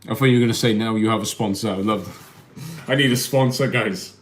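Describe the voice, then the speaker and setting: Reading the chat on a casual live stream he's hosting at home through his phone, a man rambles and hesitates, often repeating words. He has a fairly low voice and speaks briskly.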